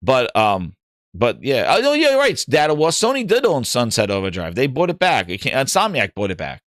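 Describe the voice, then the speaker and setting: Animated man hosting a gaming livestream. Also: medium pitch, fairly quick, no room sound, clean studio sound. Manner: animated, joking, does mocking voices. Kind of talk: livestream commentary, reading chat.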